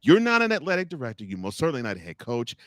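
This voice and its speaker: A man co-hosting a sports show, speaking right into the coaches he is roasting. He keeps a mid pitch, jumps up high and drops back down, and heckles in a casual way. The sound is dry and close, with no room around it. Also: very fast, no echo. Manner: animated, mocking rants addressed to coaches. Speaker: podcast co-host.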